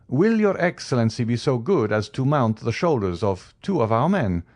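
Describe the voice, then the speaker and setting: A man's voice: medium pitch, big pitch swings, normal speed, a little mellow, pitched above the performer's own voice. A man voicing a deferential sailor who speaks respectfully and frets about his master. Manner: respectful, fretful. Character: deferential male sailor pilot, anxious to please.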